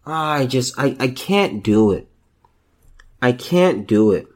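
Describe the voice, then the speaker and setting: A man's voice: medium pitch, expressive, slow, a little mellow. A man hosting a solo commentary podcast, ranting in disbelief and restarting his sentences often. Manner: incredulous, ranting, many restarts. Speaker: podcast host.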